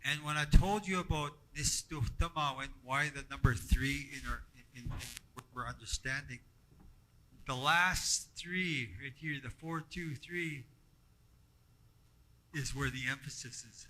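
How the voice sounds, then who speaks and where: A man teaching a language workshop to a group, halting and repeating himself as he explains and asks the room questions. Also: medium pitch, pushed and bright, rough recording. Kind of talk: classroom teaching. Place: classroom.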